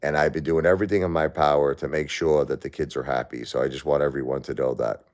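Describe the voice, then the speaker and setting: A man with an extremely deep, low voice talks straight to his viewers on a live stream. He sounds grief-stricken and stressed, halting and repeating words as he goes. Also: steady tone. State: grieving, stressed. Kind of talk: emotional live-stream chat.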